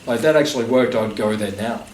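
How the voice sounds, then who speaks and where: A man's voice: lowish voice, fast talker, a little mellow, distant mic. A man giving an informal spiritual talk to a live audience, conversational and joking, with many fillers. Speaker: spiritual teacher. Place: gathering room at a festival. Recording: echoey room, voice from afar, faint noise.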